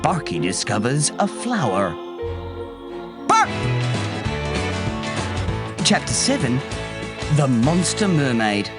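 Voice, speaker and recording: A woman reading a children's book aloud in a slow, expressive way. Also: very deep voice, loud music behind the voice. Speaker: audiobook reader.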